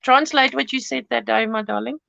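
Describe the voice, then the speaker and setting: A woman's voice: a little high, fairly even intonation, brisk, gravelly, sharp tone, no echo. A woman hosting a chatty live-stream craft tutorial from her home studio, rambling and giggling as she cuts paper. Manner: rambling and giggly, chats while cutting paper. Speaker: craft channel host. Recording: dull lo-fi, dry sound.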